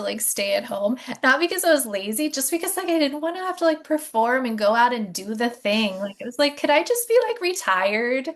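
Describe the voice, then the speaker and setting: A woman in her forties talking reflectively as a podcast guest, chatty and full of fillers. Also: mid-range voice. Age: 40s. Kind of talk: casual interview conversation.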